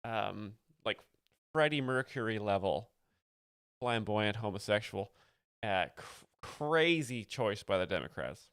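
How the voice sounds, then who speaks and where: A man hosting a livestream, explaining jokes in a mock-earnest, deadpan way with lots of fillers. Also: fairly low pitch, a little slow, clean tone, dry recording, studio quality. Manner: mock-earnest, reading chat, many fillers. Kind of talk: deadpan satirical commentary.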